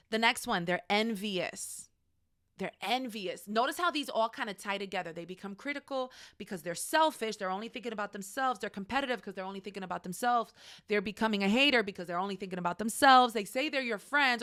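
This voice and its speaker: A woman's voice: mid-range voice, animated, moderate pace, a bit bright, dry recording, studio quality. A young adult woman, a counselor, teaching an informal class in an emphatic, conversational way and repeating her key points.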